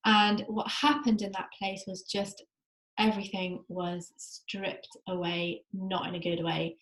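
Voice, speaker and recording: A woman's voice: medium pitch, reverberant, poor audio. A woman from England hosting a faith podcast, talking in a chatty, enthusiastic and reflective way. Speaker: podcast host. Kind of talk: personal faith podcast monologue. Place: at home in Israel.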